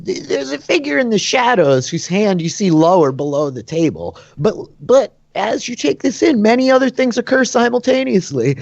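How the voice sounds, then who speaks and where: A man's voice: high voice, very animated, moderate pace, vocal fry, few pauses, no room sound. A man running a tabletop game as dungeon master, narrating loosely and chattily with many fillers. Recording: dull lo-fi sound in a dry room.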